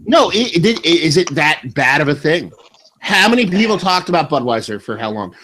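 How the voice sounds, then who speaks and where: A young man co-hosting a beer podcast, telling stories in a rambling, profane, animated way. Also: a little high, normal speed, slight background noise. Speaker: podcast co-host. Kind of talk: casual chat.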